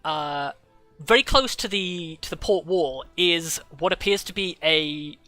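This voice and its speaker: A man running a tabletop game as dungeon master, narrating scenes with frequent pauses and fillers. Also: a little high, bright, forceful tone, no echo, faint music behind. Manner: halting, filler-heavy narration.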